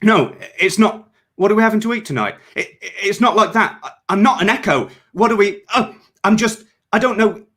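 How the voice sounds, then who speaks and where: A man's voice: mid-range voice, moderate pace, fairly bright tone, voice pushed up, close to an everyday voice. A man reading fiction aloud and voicing a male patrol soldier, sneering and threatening at first, then stammering and frantic. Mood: panicked. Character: arrogant male patrol soldier turned panicked.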